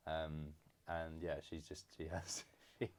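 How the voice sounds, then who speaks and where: A young man from England in a casual podcast chat with his father, halting and full of fillers. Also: rumbling low, completely flat delivery. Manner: hesitant, many fillers and restarts, warm teasing. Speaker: podcast co-host, son. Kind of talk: casual conversation.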